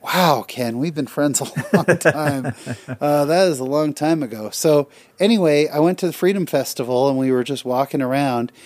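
A middle-aged podcast co-host tells stories in casual chat, an animated storyteller who laughs often as he talks. His voice sits fairly high, moves at a normal speed, and carries no room sound.

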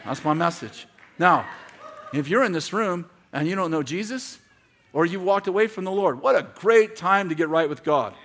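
A man preaching a sermon to a congregation, telling stories with quoted dialogue and building to shouted, repeated lines. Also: sits high, expressive, normal speed. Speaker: pastor. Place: church in front of a congregation.

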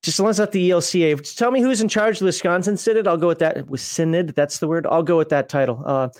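High-voiced joking male stream host. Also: darkish tone, dry recording, clean studio sound. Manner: joking, chatty, quick asides. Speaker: podcast host. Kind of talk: casual live-stream chat.

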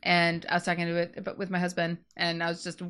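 A woman's voice: on the low side, monotone, fast, fairly bright tone, clear, resonant tone. A married woman co-hosting a casual podcast chat, rambling with lots of filler words. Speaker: podcast co-host.

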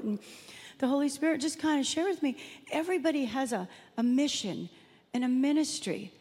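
A woman's voice: sits high, animated, normal speed, a little mellow, husky. Woman preaching in a reverberant church. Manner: conversational storytelling, acts out quotes. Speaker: pastor. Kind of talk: sermon. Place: church sanctuary. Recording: long hall reverb.

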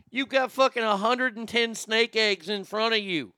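A man's voice: sits high, moderate pace, pushed and bright, smooth, no room sound. A man co-hosting a podcast, rambling through news stories in crude, profane, casual commentary. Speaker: podcast co-host.

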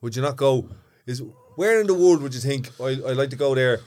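A man with an Irish accent trades jokes and gentle teasing on a casual podcast. He laughs often and keeps the talk light as a co-host. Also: mid-range voice, fairly quick. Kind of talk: casual banter.

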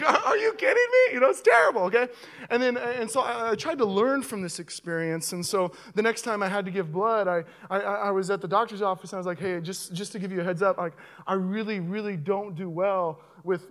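A young man preaching as a pastor, telling a comic story to his church and getting loud and animated at the funny parts. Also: sits high. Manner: animated storyteller, voice rising sharply with excitement. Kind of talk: sermon with a comic personal story. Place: church auditorium with audience.

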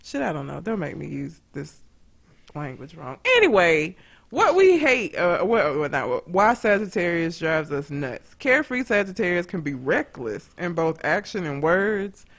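A woman chatting on a podcast. She tells a story in an animated, profane way and laughs often. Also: on the low side, moderate pace. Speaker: podcast co-host. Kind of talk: casual chat, storytelling.

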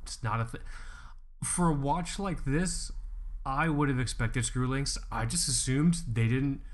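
A man in his thirties co-hosting a casual podcast, swearing freely and ranting with animated energy. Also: medium pitch, measured pace. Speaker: podcast co-host.

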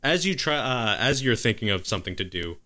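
A man's voice: medium pitch, big pitch swings, fairly quick, noisy background. A man narrating as game master of a tabletop game, improvising the action and stopping to correct himself.

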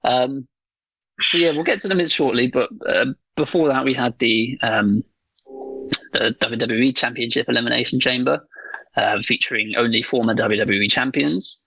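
Male podcast co-host, gravelly, rambling, swears freely, lots of ums. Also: mid-range voice, moderate pace, sharp tone, no room sound, poor audio. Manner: rambling, swears casually, frequent ums and laughs. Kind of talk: casual chat.

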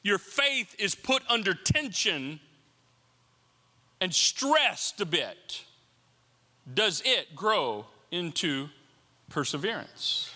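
A man preaching a sermon as pastor, conversational and animated, acting out little asides. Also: high voice, drawn-out words, pauses often, big-room sound.

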